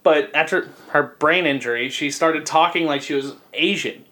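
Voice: mid-range voice, normal speed, pushed and bright. A podcast co-host in casual chat, swearing and laughing through crude banter.

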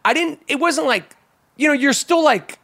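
A man with a high-pitched voice tells a story on his podcast. He is loose and animated and curses freely. He stumbles through fillers and restarts as he talks. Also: normal speed, gravelly. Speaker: podcast host.

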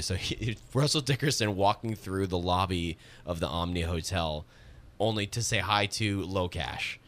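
Deep-voiced man hosting a radio chat. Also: fairly bright tone. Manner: chatty, storytelling, quick asides. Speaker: radio show host. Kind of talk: casual radio show banter.

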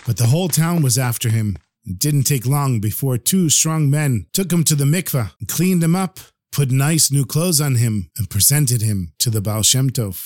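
A man telling a traditional tale as a podcast storyteller, in an expressive, lively way. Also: mid-range voice, moderate pace.

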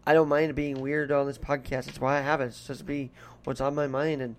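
A man's voice: mid-range voice, little pitch movement, a little fast, slight background noise. A man hosting his own podcast in a put-on Irish brogue, rambling chattily from one topic to the next. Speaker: podcast host. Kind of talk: casual solo podcast monologue.

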